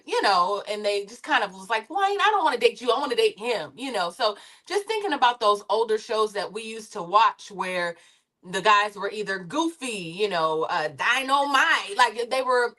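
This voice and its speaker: A woman's voice: mid-range voice, sharp tone. A woman on a discussion panel, a former reality TV producer, talking in a rambling, conversational way. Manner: rambling and conversational, with many fillers and restarts.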